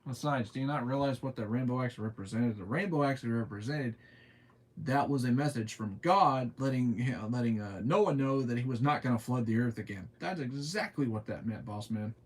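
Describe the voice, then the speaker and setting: Man, young adult, Southern US accent, drawling, casual live stream chat, middle pitch. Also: brisk, husky. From southern United States. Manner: laid-back, drawling, answers chat comments with frequent laughter. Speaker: livestreamer.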